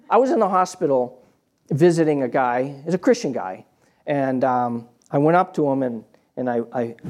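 Guy giving a sermon, kinda high and mellow, chatty, drops quiet then gets emphatic. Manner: conversational, repeats words and restarts, swings from quiet to emphatic. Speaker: preacher. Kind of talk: sermon with storytelling.

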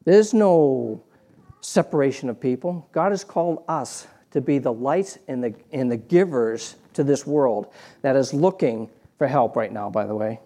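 A man preaching a sermon in a conversational, storytelling way, restarting phrases and swinging from quiet asides to emphatic points. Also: medium pitch, measured pace.

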